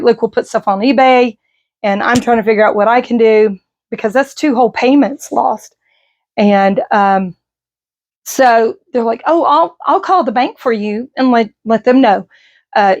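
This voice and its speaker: Middle-aged woman, higher voice, rambling emotional storytelling, dull lo-fi sound. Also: darkish tone. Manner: rambling, emotional, with many fillers. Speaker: vlogger. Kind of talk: personal storytelling to camera. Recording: slightly dull lo-fi audio.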